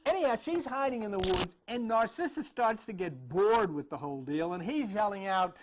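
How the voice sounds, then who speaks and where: This high-pitched, animated man talks at normal speed with hardly any pauses, over a slight hiss or hum. Pointing to paintings, he tells a myth loosely and conversationally, often restarting and laughing softly.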